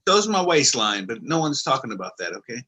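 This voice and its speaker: Bright-voiced joking man. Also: mid-range voice, very animated, fairly quick, breathy edge. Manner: joking, teasing, loud and chatty. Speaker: co-host of an online video call show. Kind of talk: casual chat on a video call. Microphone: video call.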